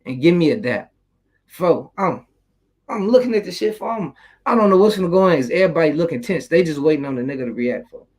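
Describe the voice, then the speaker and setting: A young man tells a story in a casual, rambling way. His voice sits fairly high, and his talk is full of street slang and cursing. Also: expressive, fast, darkish tone, slightly rough, poor audio. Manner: streetwise slang, loose and rambling, swears freely. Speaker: YouTuber telling a story.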